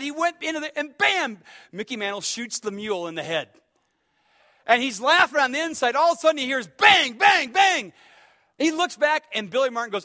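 High, bright-voiced preacher man. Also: a little fast. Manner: animated storyteller, swings between hushed and shouting. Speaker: pastor. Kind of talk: sermon.

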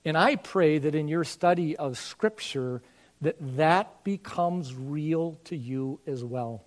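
High-voiced man preaching a sermon. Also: takes it slowly. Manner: reads scripture aloud and explains it verse by verse; rising to fervent emphasis with rhetorical questions. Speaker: pastor.

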